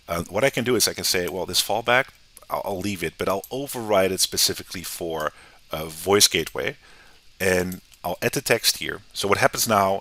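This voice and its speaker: Deep-voiced man teaching casually. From United States. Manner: relaxed, conversational, often tags sentences with "right?". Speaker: software tutorial instructor. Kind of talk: screen-recorded software tutorial.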